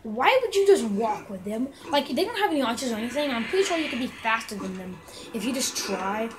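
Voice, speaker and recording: A young woman chats her way through a video game, her voice sitting high and bright. She gets excitable and shouts at enemies between muttered asides. The home recording carries a clear hiss of background noise. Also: a little fast. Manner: chatty, excitable, mocks enemies. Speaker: gamer. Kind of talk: casual gameplay commentary.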